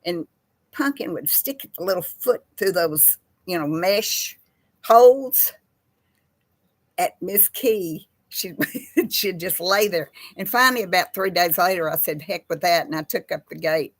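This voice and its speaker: An older woman chatting casually with live viewers in a slow, folksy way. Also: fairly low pitch. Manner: slow folksy talk, baby voice to her pets. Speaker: host of a live chat with viewers. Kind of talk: casual live-stream chat reading viewer comments.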